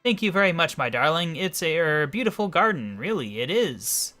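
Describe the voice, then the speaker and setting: A man's voice: fairly high pitch, lively intonation, moderate pace, sharp tone, faint music behind, voice pushed up. A man voicing a vain, grumpy king who complains a lot and gives in to his wife. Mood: meek. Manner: pompous, complaining.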